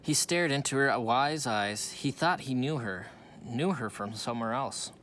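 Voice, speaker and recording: A man's voice: mid-range voice, animated, measured pace, fairly bright tone, slight background noise. A man reading a children's storybook aloud, with small slips he corrects as he goes. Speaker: reader.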